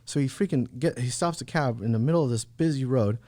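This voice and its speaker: This podcast guest, a real estate agent, speaks in a mid-range, dark-toned voice at a quick pace. Sitting in the studio, he relates a personal story in a relaxed, casual way, full of "bro" and "like."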